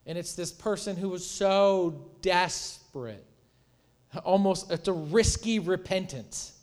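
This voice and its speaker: A man preaching a sermon in a conversational, animated way, retelling stories and acting out quotes. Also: fairly high pitch, big-room sound. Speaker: pastor.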